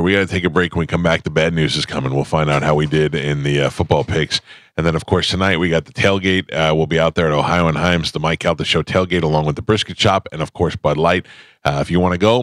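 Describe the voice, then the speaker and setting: A man's voice: deep voice, fairly bright tone, dry recording. A man hosting a morning radio talk show, telling rambling personal stories in a casual studio chat. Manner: rambling anecdotes with laughs. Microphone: studio microphone.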